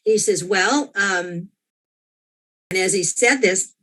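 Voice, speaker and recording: A woman's voice: medium pitch, takes it slowly, fairly bright tone. Earnest woman telling her own story. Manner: earnest, with frequent restarts and quoted inner thoughts. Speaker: guest recounting a near-death experience. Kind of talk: personal storytelling in an interview.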